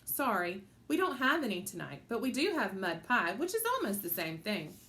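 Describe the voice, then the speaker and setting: A woman's voice: medium pitch, sing-song, moderate pace, fairly bright tone. A woman voicing a polite adult male waiter in an audiobook who sounds helpful and a little confused. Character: polite, puzzled restaurant waiter, adult man.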